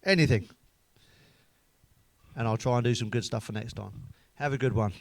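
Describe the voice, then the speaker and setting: A man's voice: mid-range voice, normal speed, vocal fry, dry recording. Man telling crude jokes. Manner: laughs at his own jokes, swears freely. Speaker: comedian.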